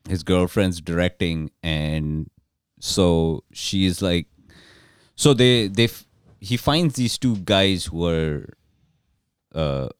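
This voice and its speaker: Low-voiced man telling a rambling story. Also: clean tone, dry recording, studio quality. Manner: rambling, restarts, crude jokes. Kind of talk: casual storytelling chat.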